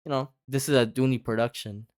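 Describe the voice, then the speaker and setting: A young man telling a story in casual chat, rambling, swearing a lot and filling every pause with "like". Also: medium pitch, steady tone. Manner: rambling, heavy filler "like", lots of swearing.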